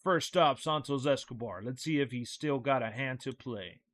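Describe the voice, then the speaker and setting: A man's voice: medium pitch, normal speed, a bit bright, no room sound, lightly acted. A man reading out a game's dialogue as a tough, hard-boiled male hero, in clipped lines. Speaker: streamer reading game dialogue aloud. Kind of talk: reading game text aloud in character.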